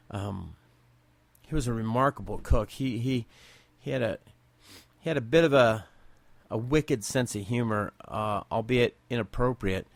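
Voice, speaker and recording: A man in his forties from Southern California hosts a podcast, telling personal stories off the cuff in a candid, emotional way and often restarting his sentences. His voice is fairly low and creaky, with no room sound.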